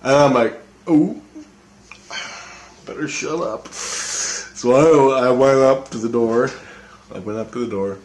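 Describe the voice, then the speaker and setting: A man's voice: medium pitch, unhurried, a little mellow, reverberant. A man telling a personal story in a casual spoken monologue, intense, profane and repeating himself. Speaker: storyteller recounting an experience.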